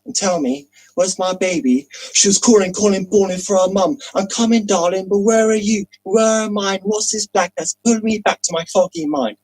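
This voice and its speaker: A man performing a spoken word poem slowly and dramatically, with long pauses, over a video call. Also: high voice, a little mellow, breathy edge, poor audio.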